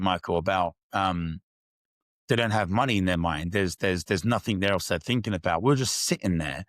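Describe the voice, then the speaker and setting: Low-voiced male guest, candid and reflective, dry recording. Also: a bit bright, dry recording. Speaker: podcast guest. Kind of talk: casual interview storytelling.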